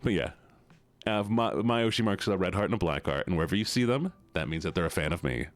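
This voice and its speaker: Low, lively man streaming. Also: quick pace, no echo. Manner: animated, playful, teasing. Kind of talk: casual live-stream chat.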